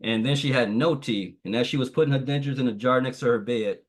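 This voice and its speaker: A man's voice: medium pitch, fast. A man giving a motivational training talk on a video call, preachy and repetitive, telling a parable. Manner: preachy, repeats phrases, tells a parable. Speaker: guest trainer.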